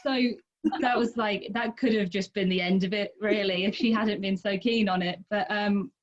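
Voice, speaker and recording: A woman answering as a guest author in a relaxed, hesitant way with many ums. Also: medium pitch, normal speed, highs cut off, heavy background noise. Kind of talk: casual interview chat.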